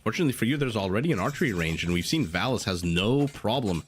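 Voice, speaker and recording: A man's voice: on the low side, expressive, quick pace, a little hiss or hum. A man commentating a strategy game live, chatty and joking with his chat between play-by-play. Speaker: game caster.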